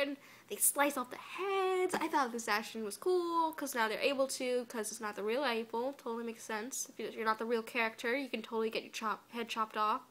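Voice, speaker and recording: A woman's voice: sits high, bright, forceful tone. A woman giving a casual spoiler review of a cartoon episode, chatty and exasperated, full of "like" and whispered asides.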